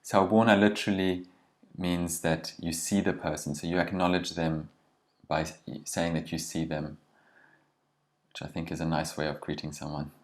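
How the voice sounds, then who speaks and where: Male language teacher, very low voice, patient and explanatory. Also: level tone. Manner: patient, slows down to model pronunciation.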